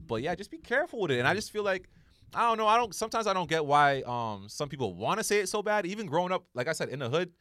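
A man co-hosting a podcast in casual chat, talking in quick, slangy bursts full of "like" and "bro". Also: high voice, very animated, sharp tone, no room sound, clean studio sound. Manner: rapid, slangy, filler-heavy talk with lots of "like" and "bro". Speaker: podcast co-host.

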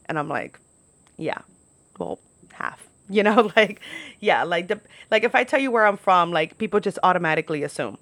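A woman's voice: fairly low pitch, animated, a little fast, a bit bright, dry recording. A young woman from New York telling stories in a casual podcast monologue, chatty and profane, full of "like". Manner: chatty, lots of "like", profane asides. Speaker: podcast host.

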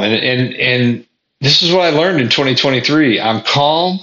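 A man's voice: mid-range voice, expressive, moderate pace, bright, forceful tone. A man talking earnestly straight to the viewer about lessons he has learned, often stumbling and repeating words as he thinks. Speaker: vlogger. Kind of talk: reflective personal monologue. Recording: echoey room, dull lo-fi sound.

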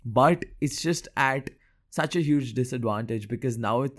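A man's voice: mid-range voice, moderate pace. A young man hosting a solo podcast episode, talking casually about current affairs, often stammering and repeating words and laughing at himself. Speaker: podcast host.

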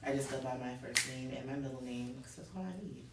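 A woman's voice: rumbling low, fairly even intonation, fast talker, reverberant, recorded from a distance, background noise. A woman from England, a podcast guest, chatting casually and giggling often. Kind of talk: casual chat.

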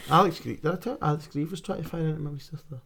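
A Scottish man chatting as a podcast guest, blunt, sweary and quick to laugh. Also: a little high, gravelly, a bit bright, breathy edge. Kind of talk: casual chat.

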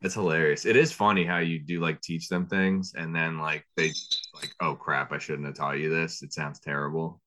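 A man in his thirties with a very low voice shares stories in a loose, rambling way, full of fillers. His tone is bright and forceful despite the depth. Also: normal speed. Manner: relaxed, rambling, frequent fillers. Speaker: podcast co-host. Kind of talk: casual chat.

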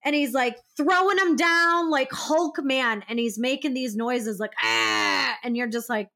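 A young woman with a high, bright voice chats casually as a podcast co-host. She tells stories animatedly and acts out the scenes as she goes. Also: normal speed. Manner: animated storytelling, acting out scenes. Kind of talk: casual chat.

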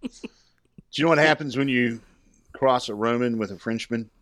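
A man's voice: mid-range voice, moderate pace, a bit bright, dry recording. A man co-hosting a podcast, teasing the others playfully. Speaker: podcast co-host. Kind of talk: casual podcast chat.

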